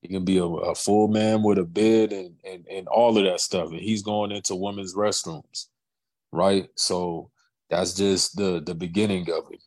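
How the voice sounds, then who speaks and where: A man talking as a podcast guest in a halting way, often checking in with "right?". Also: sits low, steady tone, darkish tone, no room sound. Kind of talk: casual podcast talk.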